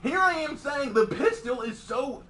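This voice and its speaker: A young man hosting a gaming stream, chatting casually as an animated storyteller who laughs often. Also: very high voice, unhurried, slight background noise. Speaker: streamer, host.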